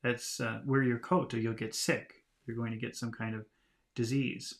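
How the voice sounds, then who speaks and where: A man teaching English vocabulary by reading a storybook aloud, talking in a relaxed, chatty way and laughing at himself. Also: mid-range voice, moderate pace. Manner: relaxed, chatty, laughs at himself, lively voices for quoted lines.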